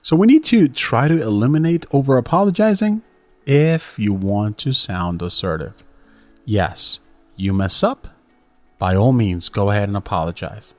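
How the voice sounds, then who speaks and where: A man's voice: lowish voice, moderate pace, no echo. A man hosting an English lesson podcast, talking casually and often asking "right?" while he acts out short example phrases. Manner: chatty, lively, fillers like right and you know, acts out example lines. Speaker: English teacher, podcast host. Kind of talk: casual instructional talk.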